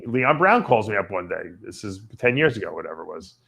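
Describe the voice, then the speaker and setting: A man hosting a casual talk radio show, telling rambling stories in an animated way. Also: on the low side, fairly quick, gravelly, slightly rough. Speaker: podcast host.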